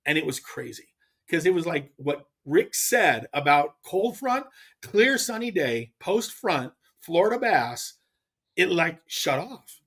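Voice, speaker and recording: A middle-aged man from the US West Coast tells a story as a podcast guest. His pitch swings widely as he gets excited. He laughs often and stumbles over repeated words. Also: slow. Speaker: podcast guest, pro angler. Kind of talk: animated storytelling in casual chat.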